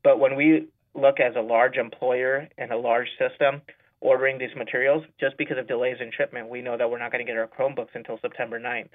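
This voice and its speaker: This is a man in a school superintendent's role, heard over a narrow, tinny phone line. He talks at an ordinary pitch and explains himself methodically, numbering his reasons as he goes. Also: flat delivery, brisk. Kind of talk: radio interview by phone.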